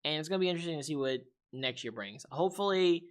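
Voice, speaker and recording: A young man hosting a casual tech podcast, animated and laughing, acting out voices of gadgets. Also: a little high, fast. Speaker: podcast host.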